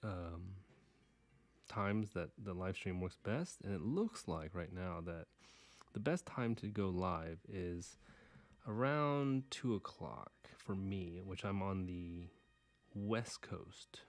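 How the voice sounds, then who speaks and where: Deep-voiced Texan man chatting while drawing. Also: expressive, takes it slowly. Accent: Texas. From Houston, Texas. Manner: rambling, self-deprecating, mutters to himself. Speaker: livestream artist. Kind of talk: casual live-stream chat while drawing.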